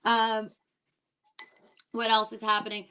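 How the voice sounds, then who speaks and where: A woman's voice: on the high side, monotone, takes it slowly, pushed and bright, a little hiss or hum. Chatty woman comedian at home. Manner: chatty, exasperated storytelling with quoted voices. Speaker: stand-up comedian. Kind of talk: stand-up comedy set. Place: at home, online show.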